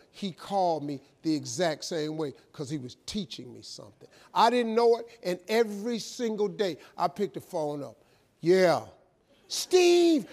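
A man whose voice sits high tells a motivational story from his life. He is animated and emphatic, acting out both sides of phone conversations.

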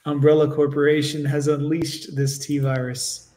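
A man's voice: on the high side, level tone, normal speed, a little mellow. A man hosting a live stream and reacting to a clip, blunt and sarcastic as he talks to his chat. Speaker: streamer host.

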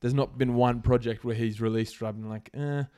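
Relaxed rambling man, casual podcast talk. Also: medium pitch, brisk, clear, resonant tone. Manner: relaxed, rambling with many fillers. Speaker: podcast co-host. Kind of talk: casual chat.

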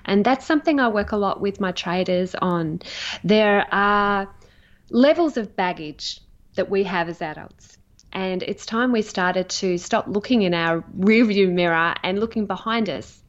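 A woman's voice: mid-range voice, unhurried. Earnest woman coach, dull lo-fi audio. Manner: earnest, emphatic, warmly enthusiastic. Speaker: trading coach, guest. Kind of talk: interview answers.

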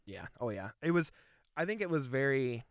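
A man co-hosting a podcast, steering the football talk through the rundown and quoting stats in a steady, casual way. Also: medium pitch, normal speed, no room sound, clean studio sound. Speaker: podcast co-host. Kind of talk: casual sports chat.

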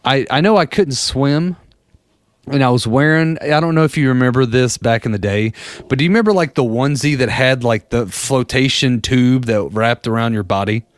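A man's voice: medium pitch, normal speed, no room sound, studio quality. A man in his thirties or forties casually telling rambling, profane stories and laughing at them as he goes. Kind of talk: casual storytelling chat.

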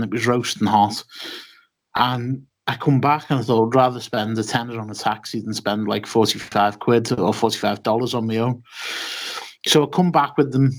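Rambling man telling a story. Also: fairly low pitch. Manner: rambling storyteller with many ums and restarts. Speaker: podcast co-host. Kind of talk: casual chat.

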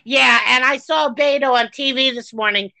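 A woman co-hosting a podcast, ranting furiously with heavy swearing and shouts. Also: high voice, moderate pace, vocal fry, no room sound, poor audio. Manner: reads a news article aloud. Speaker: podcast co-host. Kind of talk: angry podcast discussion.

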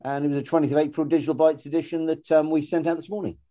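A man's voice: a little high, flat delivery, rapid-fire, dark tone. A man co-hosting a casual podcast, talking in rambling sentences full of restarts and fillers. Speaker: podcast co-host.

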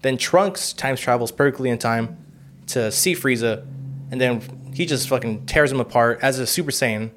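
A man's voice: mid-range voice, moderate pace, fairly bright tone, slight background noise. Rambling, swearing man in casual chat. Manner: rambling, profane, heavy use of "like" and "you know". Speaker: podcast co-host.

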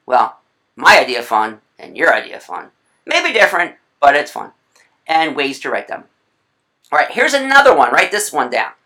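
A writing instructor giving a recorded video lecture, chatty, with playful asides and quick self-corrections. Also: medium pitch, big pitch swings, sharp tone.

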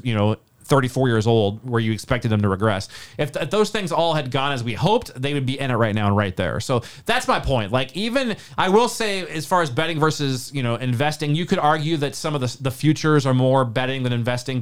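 A man co-hosting a sports betting podcast, talking casually and getting hyped up as he pitches his pick. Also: clear, resonant tone. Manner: excitable, hyped-up pitch delivery.

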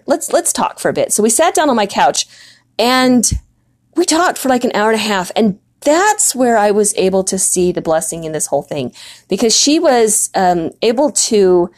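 A woman's voice: mid-range voice, a little mellow. A middle-aged woman hosting a faith-based podcast, telling a story earnestly and reflectively, with frequent fillers and restarts. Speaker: podcast host.

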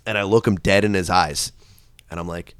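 A podcast host, a man with a lowish voice and a bright, forceful tone, telling a crude story in casual chat. He swears freely and breaks into loud, animated rants. The sound is dry and close. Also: moderate pace, dry recording.

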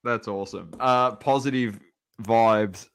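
A man's voice: fairly low pitch, takes it slowly, a bit bright, clear, resonant tone. A man hosting a podcast in casual chat, reading out viewer comments briefly. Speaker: podcast host.

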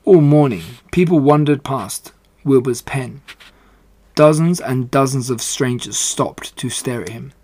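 A man reading a children's book aloud in a steady, unhurried way. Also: medium pitch, no room sound. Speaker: reader.

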